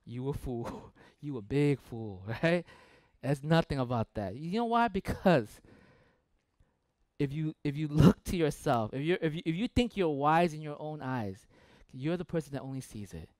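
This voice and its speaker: A young man preaching a sermon as pastor, animated and playful, acting out the voices of people he quotes. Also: a little high, moderate pace, no room sound.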